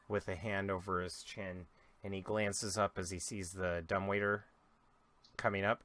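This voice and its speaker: Bright-voiced young man running a game. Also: deep voice. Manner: relaxed, loose storytelling with many fillers. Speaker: dungeon master. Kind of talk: narrating a tabletop game.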